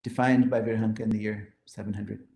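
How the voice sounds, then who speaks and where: A man speaks quickly in a low, somewhat dark, creaky voice with little change in pitch, and the room is reverberant. He's teaching mathematics, pointing to slides as he explains formulas and counts through them step by step with real enthusiasm.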